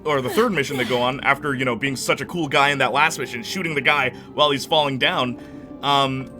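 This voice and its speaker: A young-sounding man talks over his gameplay in a loose, rambling way, full of ums and tangents. His voice is bright and punchy and sits a little high for a man. Soft game music plays underneath. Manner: rambling and enthusiastic, many fillers. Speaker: gameplay commentator. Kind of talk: casual let's-play commentary.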